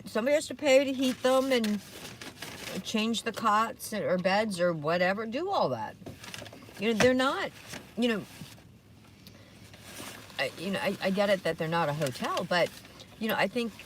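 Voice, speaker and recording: A woman's voice: medium pitch, sing-song, normal speed, long pauses, slight background noise. A woman co-hosting a podcast in casual chat, rambling with lots of fillers and restarts, recorded in a car. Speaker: podcast co-host.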